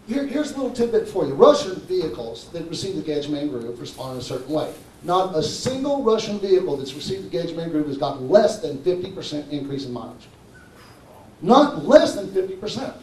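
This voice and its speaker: A man's voice: on the high side, sing-song, quick pace, hardly any pauses, darkish tone, slight background noise. A man giving a live conference talk, persuasive and constantly checking in with his audience. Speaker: conference presenter. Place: conference hall. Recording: roomy hall from far off.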